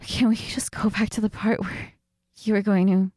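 A woman voicing a submissive, flustered young housewife in an adult audio role-play, breathy and pleading. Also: medium pitch, little pitch movement, moderate pace, darkish tone, no room sound, clean studio sound, natural voice.

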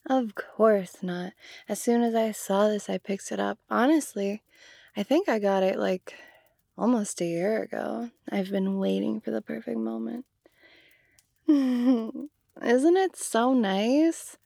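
Giggly young woman with vocal fry. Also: fairly high pitch, slow pace, dark tone, dry recording, studio quality. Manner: casual, giggly, full of "like". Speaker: audio role-play performer. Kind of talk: audio role-play to the listener.

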